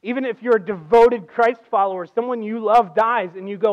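A man giving a sermon as a guest preacher, telling stories casually and acting out quotes, dropping to a hush and rising to loud emphasis. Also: sits high, a little fast, few pauses, dull audio. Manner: conversational storytelling, acts out quotes, swings from loud to hushed. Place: church.

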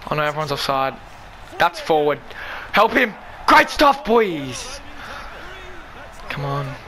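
Excitable man yelling at a game. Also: a little high, slow. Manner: excitable, shouting and pleading at the game. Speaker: gaming YouTuber. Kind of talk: excited live gameplay commentary.

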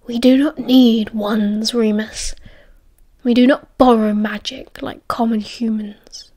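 A woman voicing a sly, disdainful young male werewolf who plots in hushed, urgent whispers. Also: on the high side, fairly even intonation, slow pace. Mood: conspiratorial.

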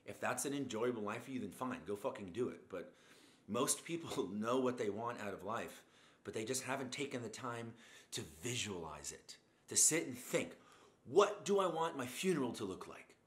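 A man's voice: medium pitch, expressive, moderate pace, roomy sound. A man hosting a show, giving a profane, rambling motivational rant in a blunt, cursing manner. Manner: blunt, swears constantly, rambling tangents. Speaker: show host.

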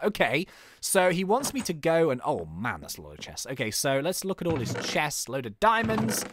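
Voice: medium pitch, huge pitch swings, normal speed, noisy background. A video game host giving chatty, self-mocking let's play commentary with lots of laughs.

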